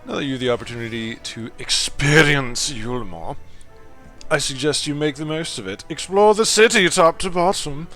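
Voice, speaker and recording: A man's voice: lowish voice, normal speed, a bit bright, soft background music, natural voice. A man voicing a polite young male scholar in a put-on fancy accent while reading game dialogue aloud. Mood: earnest.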